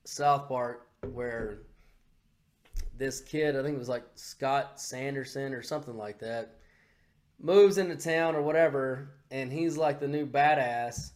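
A man hosting a podcast in casual, crude, excitable talk that rambles along with fillers. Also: mid-range voice, a little slow. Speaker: podcast host. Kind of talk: casual political chat.

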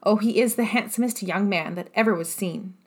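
A woman reading aloud, voicing an excitable middle-aged mother who gushes in a high, breathless voice. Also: a little fast, lightly acted. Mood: excited.

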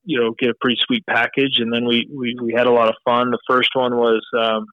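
A man's voice: mid-range voice, flat delivery, a little fast, no echo, phone-quality sound. A man talking casually as a podcast guest, rambling and leaning on "you know" as he explains his fly tying. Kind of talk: casual interview chat.

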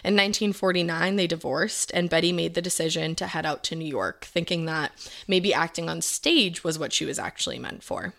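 Young woman podcaster, lowish voice, swears a lot, acts out quotes while she tells the story. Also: brisk, vocal fry, a bit bright. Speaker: podcast co-host. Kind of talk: casual chat, storytelling.

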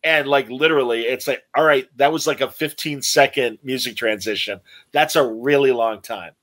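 A man's voice: medium pitch, moderate pace, a bit bright, dry recording. A man co-hosting a casual chat about movies and TV, chatty and reading out listener comments. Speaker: podcast co-host.

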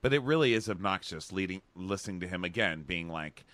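A man co-hosting a casual chat, sarcastic and mocking, leaping into high voices to quote people. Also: lively intonation, brisk, few pauses, fairly bright tone, no room sound. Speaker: podcast co-host. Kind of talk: casual chat recapping a reality show.

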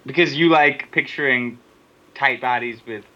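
A man co-hosting a podcast in casual, joking chat, quick to laugh. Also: mid-range voice, sharp tone. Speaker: podcast co-host. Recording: dull lo-fi audio.

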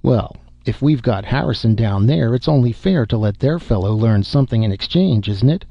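A man reading the part of an obese, world-weary male government secretary with a rumbling, wry voice, in a dull recording. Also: expressive, moderate pace, gravelly, no room sound. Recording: dull muffled audio.

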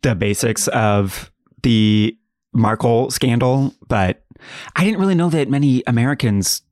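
A man's voice: mid-range voice, measured pace, darkish tone, no echo. A man co-hosting a podcast in casual chat, reacting in a dry, understated way. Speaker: podcast co-host.

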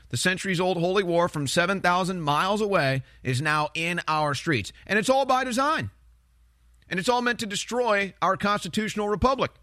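A man's voice: high voice, sharp tone, dry recording, clean studio sound. A man hosting a political talk show, delivering heated commentary in an emphatic, ranting way that repeats phrases and restarts sentences.

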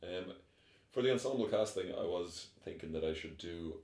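A man in casual podcast chat, lively and often mimicking people. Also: normal speed. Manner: lively, mimics others in high voices. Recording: echoey room.

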